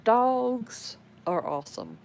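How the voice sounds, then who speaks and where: A woman's voice: on the high side, huge pitch swings, slow pace, creaky, darkish tone, a little hiss or hum, low-quality recording. A woman, rambling casually about her pets at home and talking to them as she goes. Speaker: pet owner showing her animals. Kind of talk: casual home video chat.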